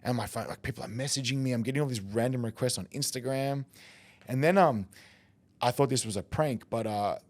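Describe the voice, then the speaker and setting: An Australian man on a podcast, telling a story with plenty of energy. He laughs often and acts out the other people in it. His voice sits at an ordinary pitch for a man. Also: brisk, darkish tone. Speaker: podcast guest, competitive eater. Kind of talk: casual storytelling chat.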